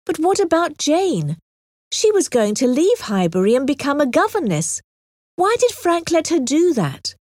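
A woman reading aloud voices a spirited young gentlewoman with an earnest, emphatic way of talking. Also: sits high, big pitch swings, moderate pace, dry recording, studio quality, pitched above the performer's own voice.

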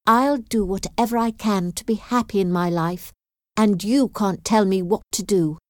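A woman's voice: medium pitch, normal speed, darkish tone, dry recording, clean studio sound, pitched above the performer's own voice, lightly acted. A woman reading aloud voices a spirited young woman who speaks earnestly and firmly. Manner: firm, earnest.

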